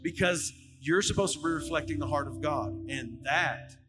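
A man's voice: on the high side, moderate pace. A middle-aged male lead pastor preaching a sermon, telling stories and acting out quotes with animation. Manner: animated storytelling, acts out quotes loudly. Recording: long hall reverb, faint music.

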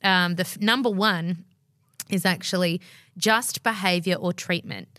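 A woman's voice: fairly low pitch, a little slow, sharp tone, no echo, studio quality. A woman guest on a podcast, talking enthusiastically about a Bible passage, with frequent hesitant restarts. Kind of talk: conversational Bible discussion.

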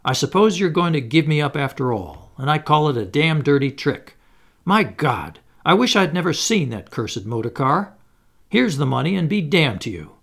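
A man voicing a surly, hungry male vagrant who talks rough and whines for food, with a gravelly voice. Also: fairly high pitch, very animated, moderate pace, fairly bright tone, full character voice. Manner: rough, whining, pleading.

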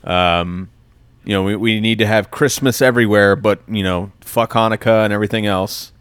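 A man's voice: lowish voice, steady tone, normal speed, fairly bright tone, clear, resonant tone, no echo. A man co-hosting a casual podcast, blunt and sarcastic, with plenty of swearing. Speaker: podcast co-host.

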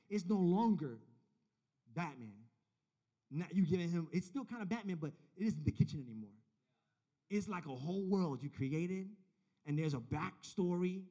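A youth pastor preaching a casual, story-driven sermon. He acts out dialogue and builds to loud, emphatic points. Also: a little high.

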